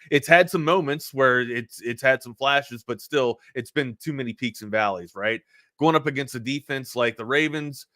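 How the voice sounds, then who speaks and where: A man with a slight Baltimore accent co-hosting a sports talk show, talking in a rambling, animated way as he breaks down games. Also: medium pitch, clear, resonant tone, no echo, clean studio sound. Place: studio.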